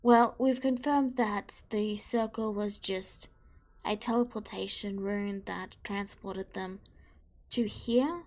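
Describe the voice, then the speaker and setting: A helpful male official hands out quests in a tabletop game, voiced by a woman with little change from her own voice. He talks in a plain, informative, unhurried way, at a middling pitch. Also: steady tone, darkish tone.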